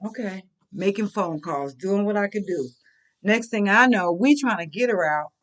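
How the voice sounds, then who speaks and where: Animated middle-aged woman telling a story. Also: medium pitch, moderate pace. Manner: animated, emphatic, colloquial. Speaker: vlogger. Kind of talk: personal storytelling.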